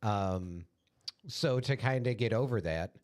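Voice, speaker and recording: A young adult man, a podcast co-host, telling a story in a relaxed, casual way with lots of fillers. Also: on the low side, slow. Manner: laid-back storytelling with fillers. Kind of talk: casual chat.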